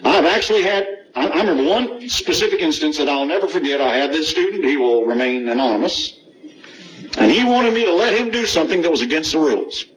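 A man's voice: on the high side, animated, a little fast, a little hiss or hum, low-quality recording. A middle-aged man, preaching a sermon, reading scripture with emphasis and asking the congregation rhetorical questions.

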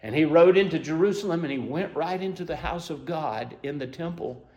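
A man preaching a sermon, telling the story emotively and asking listeners to imagine themselves there, climbing to excited peaks and then dropping soft. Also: on the high side, a little fast. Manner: asks listeners to imagine scenes.

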